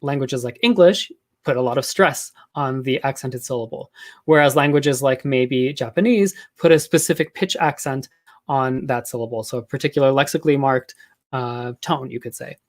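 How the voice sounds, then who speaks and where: Man, academic lecture, casual explaining, lots of filler words, mid-pitched voice. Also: normal speed. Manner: casual explanatory, frequent ums and hedging fillers. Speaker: linguistics lecturer.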